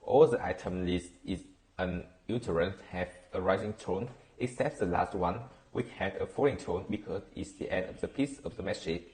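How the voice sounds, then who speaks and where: Low-voiced man reading a class presentation. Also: a little mellow. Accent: Vietnamese. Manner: halting, with frequent fillers and self-corrections. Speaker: student presenter.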